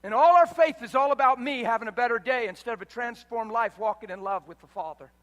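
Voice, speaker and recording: A man's voice: very high-pitched, fast talker, a bit bright. A man preaching a sermon in a large hall, exuberant and emphatic, often breaking into laughter. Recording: reverberant hall.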